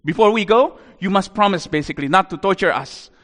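A shrill, pleading demon legion, put on by a man. Its cries are high and strained, with a long hall echo around them. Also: expressive, a little fast, a bit bright. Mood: begging.

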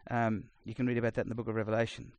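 A middle-aged man preaching a sermon, blunt and conversational, swinging between loud emphasis and quiet asides. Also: medium pitch, completely flat delivery, very fast, clear, resonant tone, no room sound. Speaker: pastor.

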